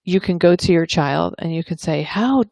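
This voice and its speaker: A woman and parenting coach talking calmly and earnestly to camera, explaining ideas and acting out example dialogues. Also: fairly low pitch, moderate pace, creaky, no room sound. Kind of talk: advice talk to camera.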